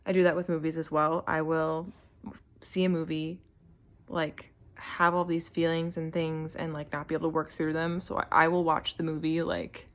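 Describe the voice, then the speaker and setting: Woman vlogger, slightly low pitch, gushing, rambling, casual chat. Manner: gushing, rambling, many filler words.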